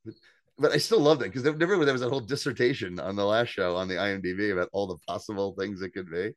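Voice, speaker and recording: A man with a lowish voice recaps a TV episode on a casual podcast, telling it with lively, animated energy. He acts out the characters' lines and swears freely. The sound is dry and close, with no room around it. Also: racing, dry recording. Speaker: podcast co-host.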